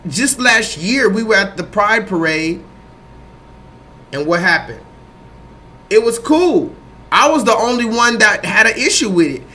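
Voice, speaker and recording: A man hosting a livestream, talking loosely and profanely to his chat in a rambling, animated way. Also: sits high, a little slow, pauses often. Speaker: livestream host. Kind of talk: livestream commentary.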